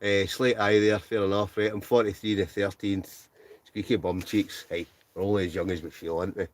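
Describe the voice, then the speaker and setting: A Scottish man in his forties runs a casual livestream from inside a tent, reading out comments from viewers. His voice is fairly low and even in tone, his pace a little fast, and he laughs a lot while mumbling somewhat.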